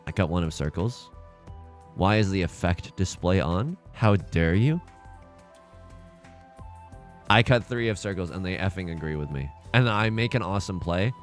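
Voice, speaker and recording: A man's voice: low-pitched, expressive, normal speed, long pauses, faint music behind. A man hosting a let's play, talking through his game in an exasperated, stammering, self-mocking way. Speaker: gaming channel host.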